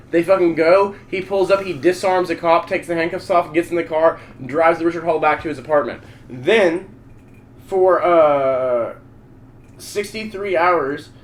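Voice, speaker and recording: A man telling a story on a casual podcast, profane and excitable, acting out quotes loudly. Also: on the high side, a little hiss or hum. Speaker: podcast co-host.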